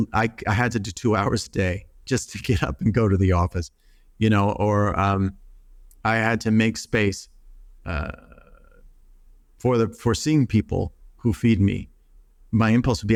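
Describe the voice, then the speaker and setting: A man's voice: lowish voice, measured pace, no echo. Earnest man musing, dry close sound. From United States. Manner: earnest, acts out quoted voices, many restarts. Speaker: psychotherapist guest. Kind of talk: reflective interview talk.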